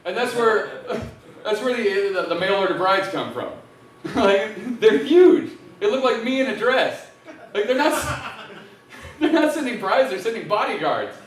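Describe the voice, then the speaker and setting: Crude, loud male stand-up comic. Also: high-pitched, far from the mic. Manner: crude, loud, laughs at own jokes. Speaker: stand-up comedian. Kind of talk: live stand-up set. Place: restaurant stage. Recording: echoey room heard from afar.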